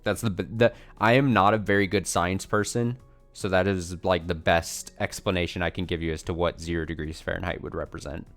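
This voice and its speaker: A man's voice: sits low, steady tone, a little fast, fairly bright tone. A man chatting casually while streaming a game, rambling and self-deprecating, answering viewer questions with a chuckle. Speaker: let's play streamer. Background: faint game music.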